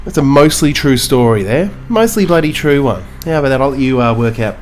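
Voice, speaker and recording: A man's voice: medium pitch, lively intonation, a little fast, a little hiss or hum. A man telling a rambling, self-mocking comic story, full of fillers and restarts. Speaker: comedian.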